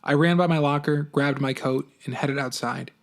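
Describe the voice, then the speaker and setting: A man, a teacher, reading a novel aloud for his class, with an expressive, animated first-person delivery. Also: medium pitch, normal speed, vocal fry.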